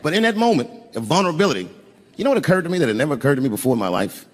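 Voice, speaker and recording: An older male stand-up comedian tells a profane story on an arena stage into a handheld mic, acting out the voices of the people in it. His voice is fairly high and sing-song, and he talks very fast, with crowd noise and audience laughter throughout the live recording.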